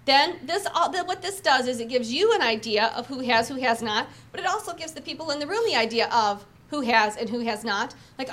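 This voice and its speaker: A woman sales trainer coaching an audience on opening talks, acting out sample pitches with energy and emphasis. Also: animated, fairly quick, few pauses, fairly bright tone. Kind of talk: training talk with demonstrations.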